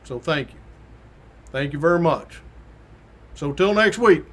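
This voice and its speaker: Middle-aged male host, folksy storyteller, slightly high voice, plays the people in his stories. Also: expressive, a little slow, a bit bright. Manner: folksy, acts out quoted voices with rising pitch. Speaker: podcast host, retired state trooper. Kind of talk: casual storytelling monologue.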